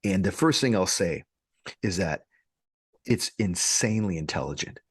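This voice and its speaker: A man co-hosting a podcast, telling a story in a casual, animated way, often laughing and restarting his sentences. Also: sits low, normal speed, slightly rough, no echo. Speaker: podcast co-host.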